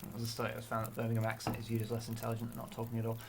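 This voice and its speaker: Measured man, thoughtful co-streamer. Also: medium pitch, completely flat delivery, vocal fry, crowd noise. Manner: measured, thoughtful, hesitant with fillers. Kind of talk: casual chat on a game livestream.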